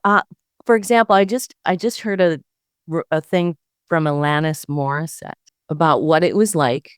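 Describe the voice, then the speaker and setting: A woman's voice: low voice, moderate pace, smooth, dry recording, clean studio sound. A woman guest telling her story in a reflective, earnest spiritual conversation, often trailing off and restarting.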